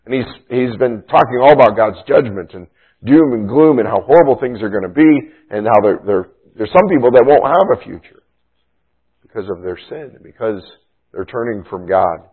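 A man's voice: medium pitch, animated, moderate pace, slightly rough. A man preaching a sermon as pastor, explaining a passage in an emphatic, teaching manner. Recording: tinny phone-like sound.

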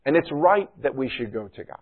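A man's voice: mid-range voice, animated, a little fast. A middle-aged man pastor preaching a sermon in a conversational way, often adding "you know" and "right?". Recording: thin phone-like sound.

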